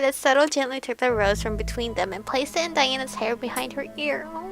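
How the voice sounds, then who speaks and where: A young woman with a high, bright voice reads a romance game's story aloud, breaking in to gush over the scenes. She sounds giggly and emotional, with quiet game music in the background. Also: fairly quick, few pauses. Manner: gushing, giggly, emotional reactions. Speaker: let's play host. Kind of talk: reading a visual novel aloud with reactions.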